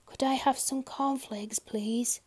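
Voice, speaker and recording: A woman's voice: high-pitched, fairly even intonation, slow, breathy edge, voice pushed up, full character voice. A woman reading aloud, voicing a timid, tiny man who only whispers. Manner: whispering softly. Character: timid tiny shy man afraid of noise.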